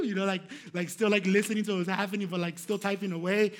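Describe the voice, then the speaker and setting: A young male pastor telling a story in a sermon, animated and laughing, with many fillers. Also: sits high, fast talker, hardly any pauses.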